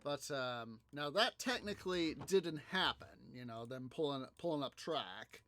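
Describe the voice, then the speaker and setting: A man hosting a gaming video, telling a story in a halting, rambling way, full of fillers and restarts as he plays. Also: fairly high pitch, expressive, a bit bright, a little hiss or hum. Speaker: gaming channel host. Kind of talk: casual gameplay commentary.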